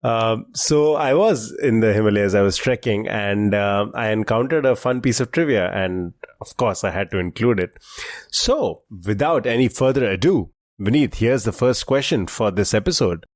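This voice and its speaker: A man co-hosting a trivia podcast, relaxed and explanatory, filling pauses with "uh" while he lays out facts. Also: lowish voice, no room sound, clean studio sound. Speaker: quiz podcast co-host. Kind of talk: casual quiz podcast chat.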